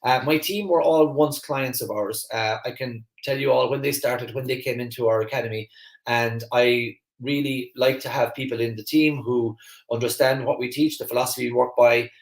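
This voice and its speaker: Brief: Irish man with a Kerry accent, fast and chatty livestream host, mid-pitched voice in a roomy space. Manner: fast, energetic, chatty, many fillers and restarts. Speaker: host of a live online masterclass. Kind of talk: live-stream talk to viewers, reading the chat.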